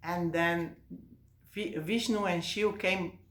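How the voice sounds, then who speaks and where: A woman's voice: lowish voice, fairly even intonation, slow pace. A woman casually telling a myth aloud in a hesitant way, full of fillers and restarts. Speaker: storyteller. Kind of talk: casual oral storytelling. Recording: roomy echo.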